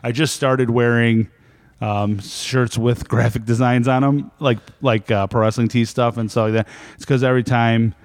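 A man's voice: medium pitch, fairly even intonation, normal speed, no room sound, clean studio sound. Laughing, rambling man telling stories. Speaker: store manager. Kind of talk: casual podcast chat.

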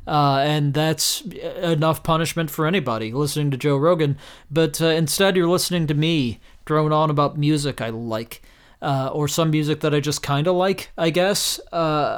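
A man's voice: on the high side, clean tone. A man hosting a solo podcast in a casual, rambling way with plenty of fillers, tired and a little tipsy. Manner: rambling and self-deprecating, many fillers. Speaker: podcast host.

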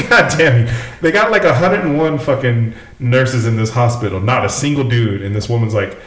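A man's voice: mid-range voice, normal speed, roomy sound. A man co-hosting a casual podcast, laid-back, swearing freely and laughing often. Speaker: podcast co-host. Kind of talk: casual chat.

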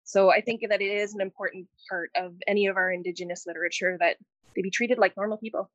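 A woman's voice: medium pitch, fairly even intonation, fast talker, no echo. A woman joining the discussion as a guest, speaking earnestly. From Canada. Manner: earnest, agreeing. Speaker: guest panelist. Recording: dry, slightly muffled mic.

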